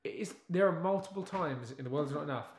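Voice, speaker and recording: A man chatting casually as a podcast guest, animated and wry, building his points with emphasis. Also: on the high side, quick pace, slight background noise. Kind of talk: casual chat. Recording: echoey room.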